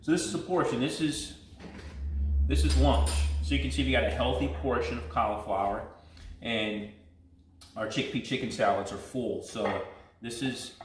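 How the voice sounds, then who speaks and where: A man's voice: mid-range voice, fairly even intonation, normal speed. A man casually walking through a recipe step by step as co-host of a home cooking vlog. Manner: easygoing, talks through each step. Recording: echoey room with faint noise.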